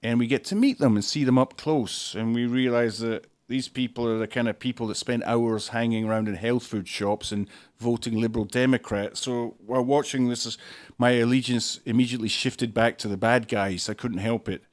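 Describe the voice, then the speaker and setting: A man, hosting a podcast and reviewing a film in a dry, sarcastic monologue full of deadpan jokes. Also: mid-range voice, normal speed. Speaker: podcast host.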